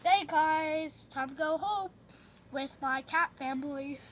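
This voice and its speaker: A woman narrating a pretend-play video to her viewers, excitable and chatty. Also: high-pitched, slow pace, lo-fi sound, slight background noise. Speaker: vlogger narrating toy play.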